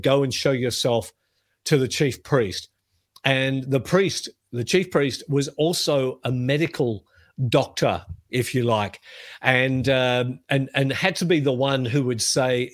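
A middle-aged man teaching the Bible on a podcast, telling the stories in a lively way and reading scripture aloud. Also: medium pitch, no echo.

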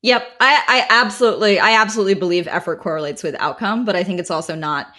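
A woman from Wisconsin and Boston with a neutral Midwestern accent, a venture guest giving measured, thoughtful answers in an interview. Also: medium pitch, pushed and bright. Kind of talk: casual interview.

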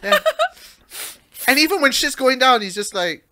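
A woman in casual film chat with friends, laughing often, animated and swearing freely. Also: high voice, normal speed, a little hiss or hum. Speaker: movie chat co-host.

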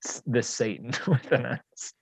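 A man in a casual conversation, relaxed and joking as he retells passages. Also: medium pitch, unhurried, creaky, breathy edge, dry recording. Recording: dull, dry lo-fi sound.

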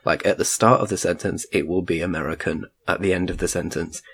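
A man's voice: deep voice, steady tone, brisk, creaky, fairly bright tone, breathy edge. A man casually reviewing a film in a chat, rambling with frequent restarts. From United Kingdom.

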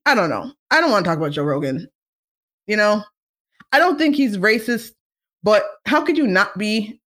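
A woman's voice: medium pitch, a bit bright. A woman hosting a solo podcast, talking in a casual, blunt and profane way, exasperated and ranting. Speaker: podcast host.

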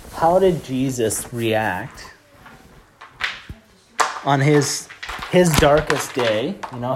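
A man giving an informal sermon, talking conversationally with many fillers and building to emphatic preaching. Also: medium pitch. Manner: frequent "like" and "you know" fillers. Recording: echoey room with loud noise.

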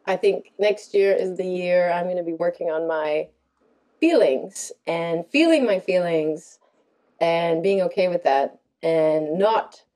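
A woman co-hosting a podcast in casual chat, reflective and thinking aloud with pauses. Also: lowish voice, mellow. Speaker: podcast co-host.

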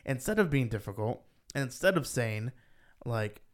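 Man, podcast co-host, casual chat, rambling, medium pitch. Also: normal speed. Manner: rambling, heavy use of "like", rises in pitch when animated.

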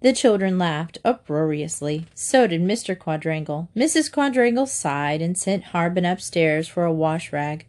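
Brief: female narrator, expressive children's book reading. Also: fairly low pitch, measured pace, hardly any pauses.

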